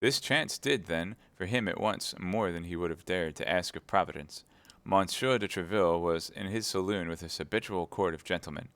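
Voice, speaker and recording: A man reading a classic novel aloud on a live stream, steady narration with chatty asides to viewers. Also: low-pitched, moderate pace, no room sound.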